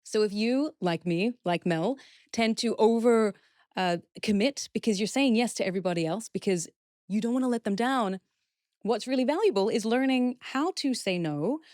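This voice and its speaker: A woman's voice: a little high, lively intonation, normal speed, a little mellow, no room sound, studio quality. A woman speaking as a guest expert in a podcast interview, explaining steps earnestly and acting out example phrases.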